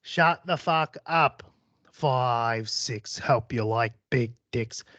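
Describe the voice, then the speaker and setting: A man's voice: a little high, animated, slow, bright, forceful tone, no room sound, lo-fi sound, pitched above the performer's own voice, full character voice. A man voicing a crude Australian male serial killer in a put-on Australian accent, with a sing-song, taunting delivery.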